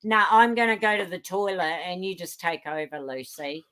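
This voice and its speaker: A woman's voice: on the low side, normal speed, fairly bright tone, smooth. A woman hosting a casual livestream, exasperated and teasing toward her co-host.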